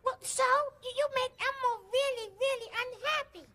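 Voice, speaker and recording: A man's voice: very high-pitched, moderate pace, sharp tone. A man voicing a small childlike furry monster who talks in an earnest kid voice. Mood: indignant.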